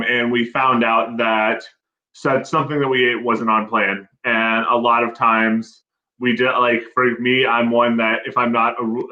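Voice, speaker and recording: Male guest, casual and rambling, bright tone, a bit lo-fi. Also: mid-range voice, roomy sound. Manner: rambling with many fillers and restarts, earnest. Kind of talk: casual chat.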